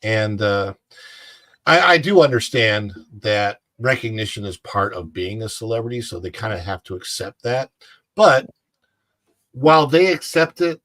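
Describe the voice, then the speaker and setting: A man with a fairly low voice rambles through personal anecdotes as he co-hosts a casual live chat. The sound is dry and close, with no room echo. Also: animated, measured pace, fairly bright tone. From United States. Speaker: co-host.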